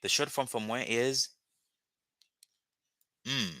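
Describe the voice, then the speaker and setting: Man teaching in bright voice. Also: medium pitch, no echo. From Haiti. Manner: explains slowly with frequent "okay?" checks and restarts. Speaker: language teacher. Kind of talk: casual language lesson.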